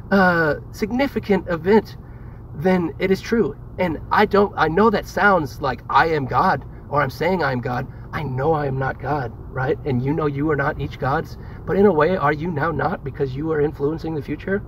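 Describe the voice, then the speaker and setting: An earnest man with a somewhat high voice muses aloud on big philosophical ideas, repeating himself and stopping and starting mid-thought. He sounds emotional and close to tears. Faint background noise sits under the recording. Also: rough recording. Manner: earnest, emotional, repetitive, halting. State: tearful. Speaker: speaker leading a group talk. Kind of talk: rambling philosophical monologue.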